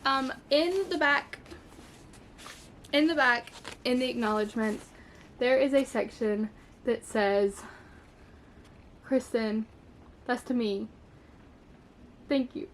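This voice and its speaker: Excitable, gushing woman with a high voice. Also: slow pace, long pauses, a little hiss or hum. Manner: gushing, excitable, many fillers. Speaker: book vlogger. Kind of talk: casual chat.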